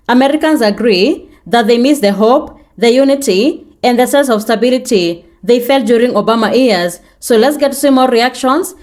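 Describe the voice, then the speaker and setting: A woman's voice: fairly high pitch, darkish tone. A woman hosting a video, welcoming viewers and reading a scripted introduction. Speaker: host. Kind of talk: scripted narration.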